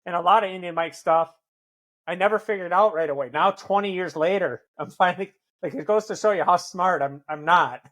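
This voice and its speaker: A man's voice: sits high, a little fast, fairly bright tone. A man talking as a podcast guest, blunt and earnest, swearing often in candid conversation. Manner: earnest, intense.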